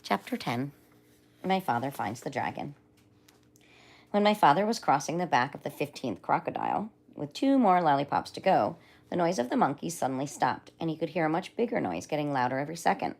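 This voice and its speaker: A woman reading a children's book aloud on a livestream in a lively, expressive way. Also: low-pitched, brisk, vocal fry. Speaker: livestream storyteller.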